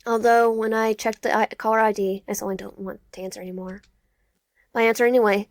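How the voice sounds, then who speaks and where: A young woman reading a visual novel game aloud with her own comments, halting and stumbling over words, correcting herself as she goes. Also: on the high side, level tone, no room sound, clean studio sound.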